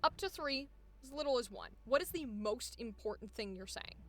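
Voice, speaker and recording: High bright-voiced woman coach. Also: normal speed. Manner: energetic, emphatic, laughs often, swears casually. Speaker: voice acting coach. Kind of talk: coaching session.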